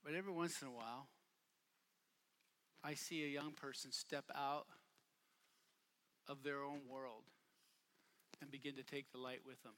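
A man preaching a sermon at a youth camp, casual and repetitive, building from quiet talk to shouting bursts. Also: medium pitch, steady tone, unhurried, long pauses. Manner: casual, repeats phrases for emphasis. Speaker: youth pastor. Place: camp meeting hall.

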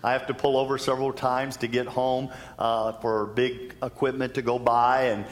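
Animated male pastor in a reverberant church. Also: medium pitch, normal speed. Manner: storytelling, animated, shifts pace for emphasis. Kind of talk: sermon.

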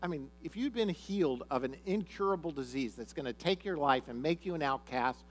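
A man's voice: fairly high pitch, fairly quick, a little hiss or hum. A man preaching a sermon, retelling a story and acting out the characters' lines. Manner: animated, acts out characters' lines. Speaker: pastor.

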